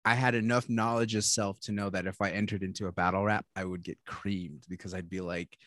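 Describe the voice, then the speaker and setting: A young man co-hosting a podcast, telling a story in casual chat, animated and laughing, swearing often. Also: low-pitched, brisk, no room sound, studio quality. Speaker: podcast co-host.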